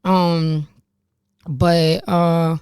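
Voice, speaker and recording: A woman's voice: on the low side, level tone, extremely slow, darkish tone, clean tone, no echo, clean studio sound. A woman in her late twenties telling her life story straight to the camera, blunt and conversational, swearing freely and laughing at herself. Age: late 20s. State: pregnant. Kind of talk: candid storytime monologue.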